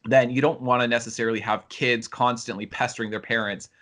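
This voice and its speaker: A man hosting a casual film review podcast, talking with animated energy and acting out quotes in high voices. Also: a little fast. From United States. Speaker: podcast host.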